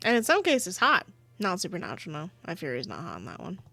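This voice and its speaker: A woman's voice: on the low side, wildly swooping pitch, fast, vocal fry, bright, forceful tone, no echo. A woman playing a visual novel, reading its narration aloud in a chatty, giggly way with casual asides. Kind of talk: reading game narration with live commentary.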